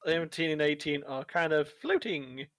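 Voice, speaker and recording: Man, Irish accent, casual game stream chat, self-mocking, fairly high pitch, dry sound. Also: expressive, normal speed, fairly bright tone, no echo. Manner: joking, self-mocking, laughs often. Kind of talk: casual chat over gameplay.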